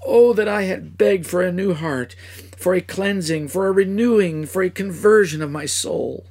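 A man playing a remorseful betrayer in a dramatic first-person monologue, speaking with a husky voice and crying out in anguish. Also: sits high, moderate pace, darkish tone, voice pushed up. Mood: regretful. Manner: impassioned, cries out in anguish. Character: remorseful man who betrayed his master.

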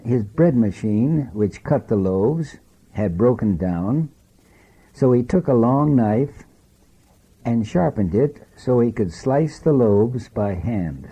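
Man, preacher, sermon, very dark mellow voice, unhurried, earnest storytelling. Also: mid-range voice, husky, rough recording.

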